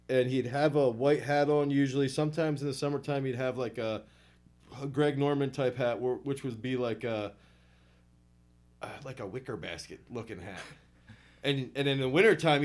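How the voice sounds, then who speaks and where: Animated man telling coaching stories. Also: mid-range voice. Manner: animated, chuckling anecdotes, many restarts. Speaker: throws coach. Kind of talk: casual interview storytelling.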